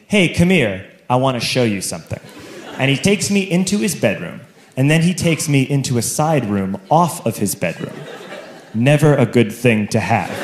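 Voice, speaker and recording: A young man doing stand-up, telling a story with animated delivery and shouting his punchlines. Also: mid-range voice. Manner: animated, shouting punchlines over audience laughter. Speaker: stand-up comedian. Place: live comedy venue with an audience. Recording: roomy live recording with crowd laughter and noise.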